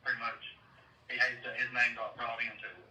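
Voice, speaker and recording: A man following up on a complaint as an officer, talking haltingly and repeating his words. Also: medium pitch, completely flat delivery, pushed and bright. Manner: halting, repeats words, drawling southern phrasing. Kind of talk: recorded conversation. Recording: echoey and distant with faint noise.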